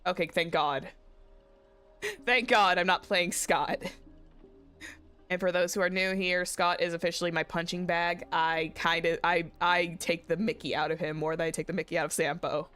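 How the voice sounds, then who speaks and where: Smooth-voiced giggly woman streaming a game. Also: fairly low pitch, steady tone, normal speed, fairly bright tone, faint music behind. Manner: giggly and playful. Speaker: VTuber streamer. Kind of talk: casual game-stream chat, reading dialogue aloud.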